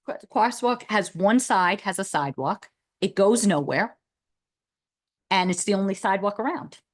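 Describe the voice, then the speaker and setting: A woman's voice: medium pitch, lively intonation, moderate pace. Woman, committee member at a town meeting; discursive, talks through the issue with many restarts. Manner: thinking aloud, rambling with restarts and "like". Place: meeting room.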